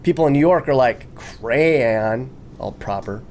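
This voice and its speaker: A man's voice: medium pitch, lively intonation, fairly quick, darkish tone, slight background noise. A man narrating a video with casual, jokey commentary, often laughing and reading quotes aloud with mock enthusiasm.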